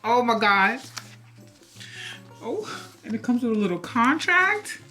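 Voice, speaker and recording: A woman's voice: a little high, sing-song, slow, bright, forceful tone, faint music behind. A young woman vlogging a dramatic unboxing, theatrical and sassy, chatting straight to her viewers.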